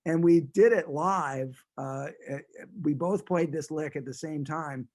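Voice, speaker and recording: A man's voice: on the high side, unhurried, darkish tone. A man telling stories as a guest in a casual interview, rambling and amused, with frequent restarts.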